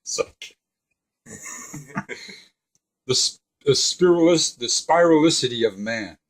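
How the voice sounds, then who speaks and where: Speaking slowly in a mid-range voice, a middle-aged man tells a laugh-filled story to his son as they cook together at home. The easygoing kitchen talk happens next to a deep fryer, and he comes across as chatty and lively.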